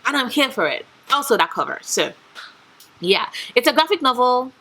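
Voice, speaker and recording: Excitable young woman gushing about books. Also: moderate pace. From Nigeria. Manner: excitable and gushing, with big pitch swings. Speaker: book reviewer. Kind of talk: casual enthusiastic book chat.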